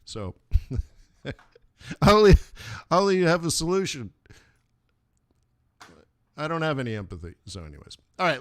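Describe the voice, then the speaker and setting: A man hosting a live forex trading stream, talking casually through his charts with jokes and lots of fillers. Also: mid-range voice. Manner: rambling, joking, many fillers.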